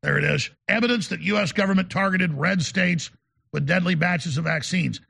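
A man's voice: sits high, normal speed, gravelly, sharp tone, husky. A man hosting a talk show, delivering an emphatic, rambling monologue and often repeating words. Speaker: show host.

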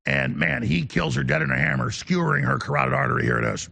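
Man, talk radio host, emphatic monologue, bright tense tone, husky. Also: mid-range voice, huge pitch swings. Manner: emphatic, ranting, fast-talking.

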